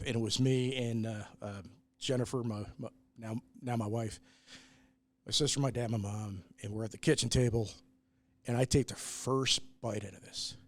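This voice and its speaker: A man's voice: medium pitch, a little mellow, no echo. A man in casual podcast chat, telling a personal family story candidly, with restarts and the odd swear word. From New York, US. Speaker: brewery owner, guest.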